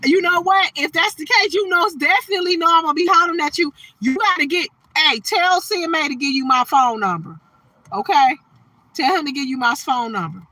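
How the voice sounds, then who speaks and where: A woman speaks in a casual, chatty livestream. Her voice sits a little high and comes across bright and forceful. The sound is dry and close, with no room around it. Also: a little fast, no room sound, low-quality recording. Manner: animated, chatty, shouts and laughs with viewers. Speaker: livestream host.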